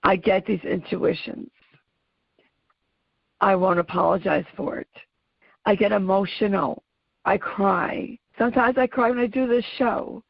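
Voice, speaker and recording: A woman hosting her own audio show, giving an earnest, emphatic motivational talk in a slow, deliberate way. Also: medium pitch, fairly even intonation, vocal fry, no room sound. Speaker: podcast host. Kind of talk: motivational monologue. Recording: dull lo-fi audio.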